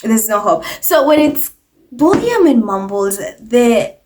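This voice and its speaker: Animated sarcastic woman commentator. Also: fairly high pitch, takes it slowly, a little hiss or hum. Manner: sarcastic, animated, mocking put-on voices. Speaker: commentary channel host. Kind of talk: opinionated commentary vlog.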